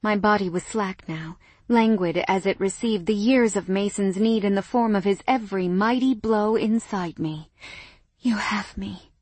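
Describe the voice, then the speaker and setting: A young adult woman narrating a first-person romance audiobook in a soft, intimate voice that often drops to a whisper. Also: medium pitch, moderate pace, dry recording.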